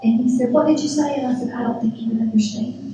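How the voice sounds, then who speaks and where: A middle-aged woman giving a church testimony, retelling events with lively quoted dialogue. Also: fairly high pitch, fast talker, recorded from a distance, a little hiss or hum. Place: church sanctuary. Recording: very echoey church hall from afar.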